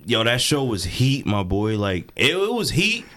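A man's voice: medium pitch, unhurried. A man co-hosting a casual podcast chat, animatedly retelling scenes and acting out the characters' lines. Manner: animated storytelling, acts out quotes. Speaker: podcast co-host.

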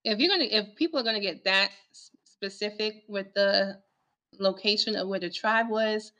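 Woman, bright tense voice, musing, hesitant, casual chat. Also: mid-range voice, moderate pace. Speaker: podcast co-host.

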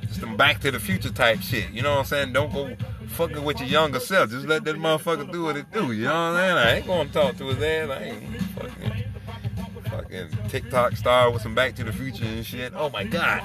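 A man's voice: mid-range voice, lively intonation, a little fast. A man hosting an internet radio show, riffing in a profane, rambling comedic monologue and laughing at his own jokes. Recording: music playing underneath. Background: music.

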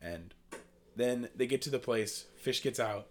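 A man co-hosting a casual podcast, recapping a movie in an excitable, animated way. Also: medium pitch, measured pace. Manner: excitable, animated, says bro. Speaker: podcast co-host. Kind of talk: casual chat.

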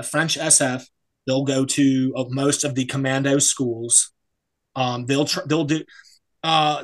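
This young American man is a serving Foreign Legionnaire appearing as a guest on a casual podcast interview. His mid-range voice comes through poor audio as he talks bluntly and rambles, full of fillers and swearing.

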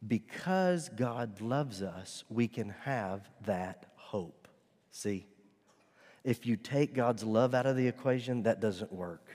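A middle-aged man preaching a sermon as pastor, earnest and at times loud and emphatic. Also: mid-range voice, animated, slow pace. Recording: long hall reverb.

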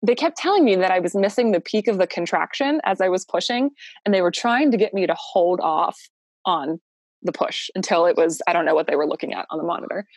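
A woman's voice: lowish voice, brisk, no echo. A young woman telling her own birth story in a casual, heartfelt way, laughing often and using lots of fillers.

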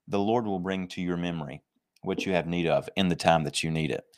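A man preaching a sermon, emphatic and conversational, slowing down to stress scripture verses and joking with his listeners. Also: low-pitched, darkish tone. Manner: jokes and laughs with the congregation.

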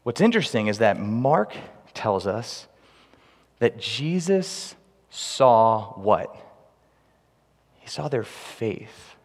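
A man preaching a sermon with humorous, animated storytelling, recorded in a large hall with long reverb. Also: medium pitch, drawn-out words, long pauses. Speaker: pastor.

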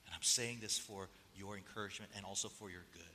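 A man's voice: sits low, steady tone, fast, sharp tone, long reverb tail, a little hiss or hum. A man preaching a sermon as pastor, with a nasal voice, pressing the congregation with rhetorical questions and reading quotes aloud. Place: church sanctuary.

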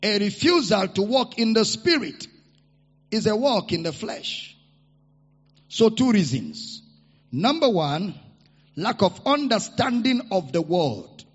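A man preaching a sermon to a congregation. He repeats his key lines and leads the people in loud declarations. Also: sits high, big pitch swings, takes it slowly, long pauses, slightly rough. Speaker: pastor. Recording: reverberant hall, dull lo-fi sound.

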